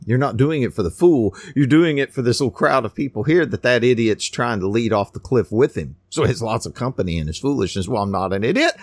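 A man preaching a fiery sermon with a lively, swinging pitch. He talks in a scornful, animated way that climbs toward near shouts. The sound is dry and close, with no room echo. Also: brisk, few pauses.

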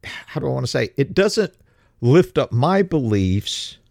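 A very animated but unhurried man with a gravelly, darkish, medium-pitched voice speaks in a dry, clean studio recording. The commentator's opinion monologue is heated and emphatic, laced with mocking impressions, and he stumbles into repetitive restarts when worked up.

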